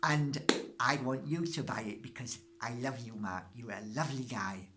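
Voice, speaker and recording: A man's voice: mid-range voice, moderate pace, background noise, natural voice. A man briefly voicing a fond older woman from London who speaks affectionately. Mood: doting. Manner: affectionate, doting. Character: fond older woman neighbour from London selling her home.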